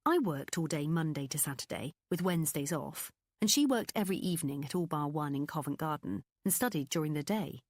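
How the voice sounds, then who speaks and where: A woman narrates a first-person novel in a confiding, expressive way. Her voice sits on the low side but moves up and down freely. The recording is close and dry, with no room sound. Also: brisk, few pauses, no echo. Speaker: audiobook narrator. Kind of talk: scripted audiobook narration.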